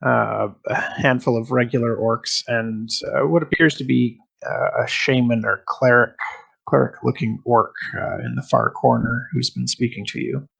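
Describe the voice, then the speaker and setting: A man's voice: mid-range voice, steady tone, normal speed, creaky, a bit bright, slightly rough, rough recording. A man narrating a tabletop game as game master, with frequent filler sounds. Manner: hesitant, many fillers.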